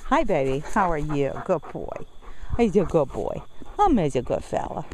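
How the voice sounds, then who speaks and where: A woman's voice: sits low, sing-song, normal speed, slight background noise, poor audio. Woman coaxing and commanding her dogs outdoors. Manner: coaxing baby talk mixed with sharp commands. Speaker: dog owner. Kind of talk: casual vlog chat. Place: outdoor dog yard on a windy, chilly day.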